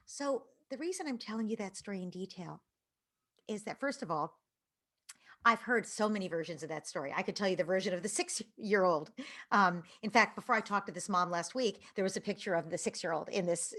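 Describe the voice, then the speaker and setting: A woman parenting educator giving a live online talk to parents, earnest, with phrases that trail off into breathy near-whispers. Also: lowish voice, a bit bright.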